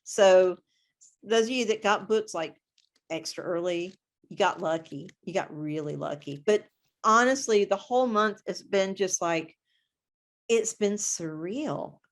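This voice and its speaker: A woman's voice: medium pitch, unhurried. A woman author being interviewed, chatting casually and acting out her own reactions as she tells a story. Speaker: guest author.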